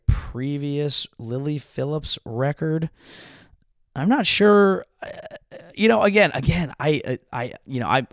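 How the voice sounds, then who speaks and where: Sarcastic, rambling comedian, slightly high voice. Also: male voice, vocal fry, dry recording, clean studio sound. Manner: sarcastic, rambling, with frequent restarts. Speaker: comedian podcast host. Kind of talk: comedic monologue.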